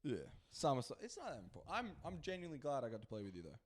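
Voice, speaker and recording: A young man chatting casually as a podcast guest, trading deadpan jokes with his brother. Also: mid-range voice, rapid-fire. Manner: deadpan, joking. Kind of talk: casual chat.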